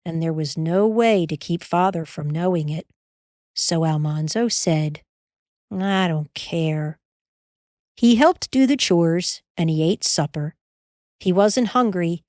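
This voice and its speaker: Woman narrator for a storybook reading, slow and measured, dry and close. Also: fairly low pitch, no room sound. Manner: measured, expressive. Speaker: audiobook narrator.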